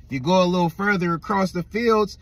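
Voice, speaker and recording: A young man telling a spooky story in a casual, animated way, swearing often and checking in with the listener. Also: sits high, a little fast, dry recording. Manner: animated, swears a lot, keeps asking "right?". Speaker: vlogger.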